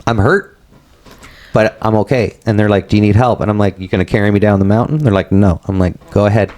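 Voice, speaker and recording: A man in his forties, a podcast guest telling a story in a casual, animated way, acting out what people said, with many filler words. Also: fairly low pitch, fast. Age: 40s. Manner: animated, acts out quoted dialogue, frequent "like" fillers.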